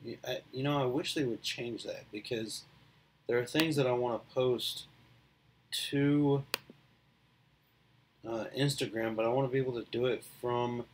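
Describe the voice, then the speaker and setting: A man's voice: medium pitch, fairly even intonation, moderate pace, long pauses, a little hiss or hum. A middle-aged man, chatting casually on his own and telling a story, rambling with many fillers and restarts. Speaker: vlogger. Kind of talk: casual solo chat.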